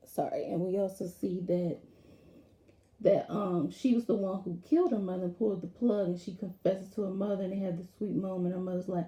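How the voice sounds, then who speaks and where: A woman talks through a TV episode recap at a middle pitch. Her voice is very dark and mellow. She rambles in an animated way and acts out lines from the episode, and the room around her has a noticeable echo. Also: fairly quick. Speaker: TV episode reviewer. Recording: roomy echo.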